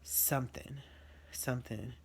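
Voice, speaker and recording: A man's voice: mid-range voice, steady tone, unhurried, creaky, breathy edge. A man venting in a diary-style vlog, rambling with slang and fillers, his nose running from allergies. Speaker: vlogger. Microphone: recording on a phone.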